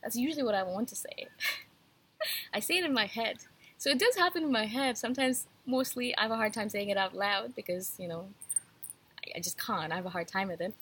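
A woman with a medium-pitched, somewhat bright voice and a breathy edge hosts a YouTube channel while slightly feverish. She rants casually and directly to her viewers, frank, rambling and emphatic.

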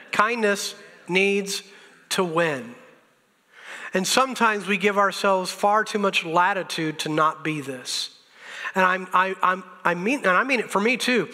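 High, bright-voiced pastor preaching. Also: male voice. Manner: earnest, exhorting, repeats lines for emphasis; self-deprecating humor, chuckles at himself. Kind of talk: sermon. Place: church sanctuary. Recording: reverberant church sanctuary.

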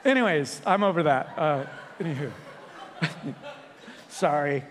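A man preaching as senior pastor, his voice sitting a bit high. He jokes and tells stories, catching and restarting his words as he goes. The sound carries a long reverb from a church sanctuary. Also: normal speed, a little hiss or hum. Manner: jokey, animated storytelling with self-corrections. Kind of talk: sermon.

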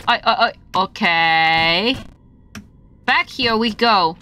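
A woman's voice: mid-range voice, takes it slowly, sharp tone, slight background noise. A young woman streaming a game live, swearing and yelping in frustration as she plays. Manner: swearing, frustrated outbursts and playful yelps. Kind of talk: live gameplay stream chatter.

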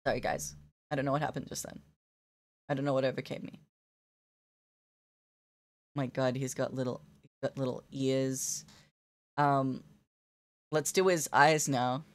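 Her voice is extremely low and level in tone, a little slow and full of frequent pauses. She's a young woman drawing on a live stream, chatting playfully with viewers and giggling a lot.

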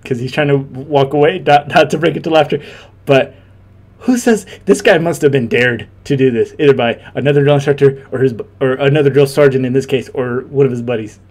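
A man's voice: medium pitch, steady tone, fairly quick, a little mellow. A young man and former Marine giving casual reaction commentary, laughing often and rambling with many restarts.

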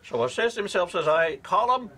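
An actor with a Northern Irish accent playing a rambling old uncle telling a long story in a sitcom. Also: male voice, high-pitched, very animated, normal speed, sharp tone, full character voice. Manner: meandering storyteller. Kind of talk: sitcom acting.

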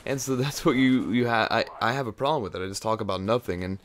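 A man's voice: fairly low pitch, fast talker, slight background noise. A young man chatting casually over gameplay footage into a mic right at his face, rambling off topic with lots of "like" and "uh.". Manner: rambling, filler-heavy, off-topic. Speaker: gaming video creator. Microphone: close mic right at his face.

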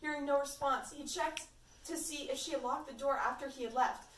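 In a room at a party, a woman briskly reads fan fiction aloud in a casual, amateur style, now and then tripping over words. Her high voice is steady and a bit bright. The recording is echoey with a distant mic, faint background sounds, and slight background noise.

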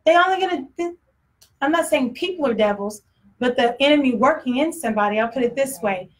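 A woman's voice: high-pitched, lively intonation, a little fast, rough recording. A woman preaching a sermon in a conversational way, often acting out voices and laughing.

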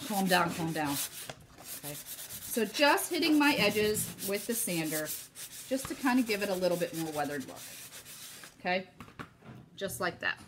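A woman's voice: medium pitch, sing-song, moderate pace, pauses often, slight background noise. A middle-aged woman chatting casually through a live home craft tutorial, often calling viewers "you guys". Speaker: craft demonstrator.

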